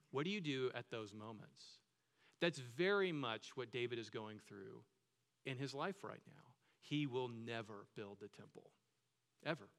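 A man's voice: medium pitch, a bit bright, long reverb tail. A man preaching a sermon as pastor, talking conversationally and asking the listeners many questions.

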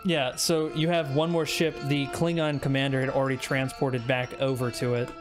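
Casual game master narrating a tabletop game; relaxed, filler-heavy, over clear music. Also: mid-range voice, normal speed.

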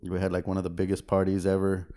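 A low-pitched man in his twenties spins a rambling story in relaxed podcast chat. He keeps stopping to laugh and does little voices for the people in the tale. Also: quick pace. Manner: rambling storyteller, laughs often, acts out quotes. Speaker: guest telling stories.

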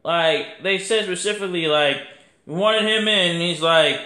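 A man hosting a podcast, talking in a casual, rambling monologue that is animated and full of swearing. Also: sits high, measured pace. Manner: animated, profane, rambling, acts out quotes. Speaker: podcast host. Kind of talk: casual wrestling review monologue. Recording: echoey room.

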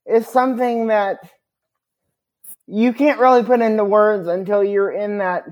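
Earnest man speaking in a measured way. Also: high voice, fairly even intonation. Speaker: guest, motivational speaker. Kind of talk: podcast interview conversation.

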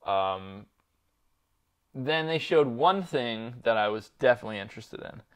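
A man's voice: medium pitch, animated, measured pace, clear, resonant tone. A man co-hosting a casual podcast chat, rambling with lots of fillers, laughter and swearing. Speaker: podcast co-host.

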